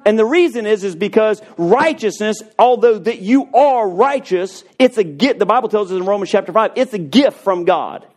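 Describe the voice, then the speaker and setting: A man preaching a sermon, animated and telling stories, acting out the voices of people in them. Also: high voice, normal speed, few pauses. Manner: animated, acts out voices in anecdotes. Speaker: pastor. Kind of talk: sermon with storytelling.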